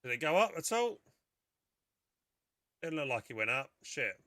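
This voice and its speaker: Guy streaming a game, chatty and muttery, bright voice, swings up and down a lot. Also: a little high, big pitch swings, normal speed, no room sound, clean studio sound. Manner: chatty, muttering to himself, swears. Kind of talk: casual gameplay commentary.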